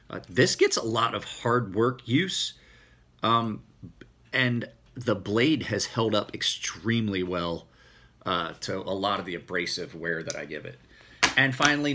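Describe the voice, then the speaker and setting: A middle-aged man with a rural American country accent, rambling casually through viewer questions. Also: sits low. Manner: rambling, relaxed, self-correcting. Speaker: knife maker answering viewer questions. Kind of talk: casual Q&A video.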